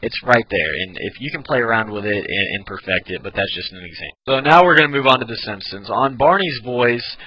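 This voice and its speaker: A man's voice: lowish voice, expressive, fairly quick, hardly any pauses, dry recording, lo-fi sound. A man giving a casual tutorial on doing voice impressions, often restarting mid-sentence as he explains. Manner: demonstrating, frequent restarts. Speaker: voice impressions teacher.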